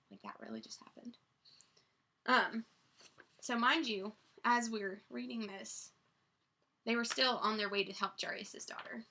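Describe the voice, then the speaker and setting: A woman's voice: mid-range voice, pushed and bright. Chatty young woman leading Bible study. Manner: chatty, lots of "like" and restarts. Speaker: student Bible study leader. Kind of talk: casual Bible study talk.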